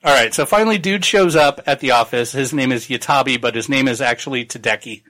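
Bright-voiced man rambling through a plot. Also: mid-range voice, fast talker, low-quality recording. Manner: rambling, profane, acts out characters. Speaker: podcast co-host. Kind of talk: casual plot recap.

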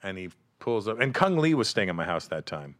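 Male guest, lively raconteur who mimics others, bright tone. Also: on the low side, brisk. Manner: animated, acts out quotes in other voices. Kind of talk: casual storytelling chat.

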